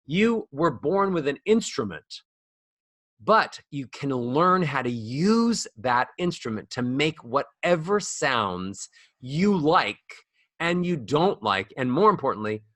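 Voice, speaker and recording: A man's voice: mid-range voice, very animated, a little slow, a bit bright, no echo, clean studio sound. A man talking as a voice coach guest on a podcast, playful and acting out the voices of others. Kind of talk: animated podcast conversation.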